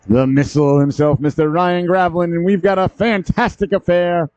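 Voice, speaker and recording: A man's voice: fairly high pitch, warm tone, no echo. A man hosting a youth hockey broadcast, giving chatty, upbeat play-by-play commentary. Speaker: play-by-play host. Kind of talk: sports commentary. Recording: dull, lo-fi broadcast audio.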